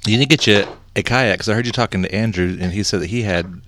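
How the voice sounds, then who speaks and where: A man's voice: fairly low pitch, fast talker, fairly bright tone, no room sound. A man, hosting a casual chat, rambling and laughing easily as he tells stories. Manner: chatty, rambling, laughs often. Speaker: podcast host.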